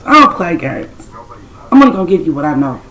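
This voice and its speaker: Her voice sits low and sing-song, and she talks fast against background noise. She's a self-described spiritual intuitive telling viewers a personal spiritual story, straight to the camera, in a blunt, streetwise, casual style with some cursing.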